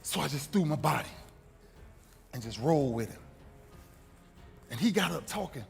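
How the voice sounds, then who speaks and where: A man's voice: a little high, animated, normal speed, gravelly, pauses often. A man giving a motivational speech, telling a dramatic story with emphatic, repeated phrases. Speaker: motivational speaker. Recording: reverberant hall with faint music.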